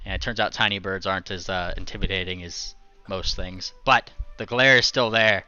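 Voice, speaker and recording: Hesitant male game master, bright and clear, slightly muffled mic. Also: deep voice, fairly even intonation, moderate pace, faint music behind. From not from Scotland or Britain. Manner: hesitant, full of ums and uhs. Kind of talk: narrating a tabletop game.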